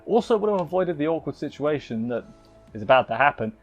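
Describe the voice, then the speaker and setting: A man's voice: on the high side, sing-song, quick pace, dull audio, soft background music. Rambling man recapping an anime episode. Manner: rambling, with many fillers and self-corrections. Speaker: anime reviewer. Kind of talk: casual recap review.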